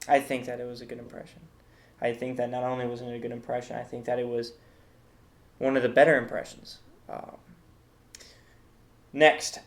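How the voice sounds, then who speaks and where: A male host works through a comedic tier list in a rambling, mock-serious way, often stopping on fillers and restarts. His voice sits at an ordinary middle pitch for a man.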